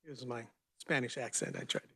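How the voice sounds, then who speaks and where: A man's voice: medium pitch, fairly even intonation, a little fast, bright, forceful tone. A state representative, a man, introducing a bill in a joking, folksy way in a committee room. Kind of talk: testifying at a hearing.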